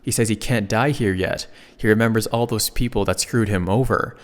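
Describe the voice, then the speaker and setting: A man's voice: fairly low pitch, moderate pace, in a large hall. A man narrating a comic recap in a casual way, slipping in joking asides.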